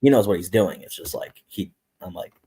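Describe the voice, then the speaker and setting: A man's voice: low-pitched, fairly quick, warm tone, breathy edge. A man from upstate New York, a comic writer guesting on a talk show, speaking hesitantly with lots of fillers. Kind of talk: casual chat.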